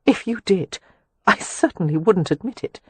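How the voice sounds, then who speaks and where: A man's voice: high-pitched, lively intonation, normal speed, husky, dry recording, voice pushed up, exaggerated voice. Timid flustered young woman, voiced by a man. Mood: embarrassed. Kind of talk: audiobook dialogue.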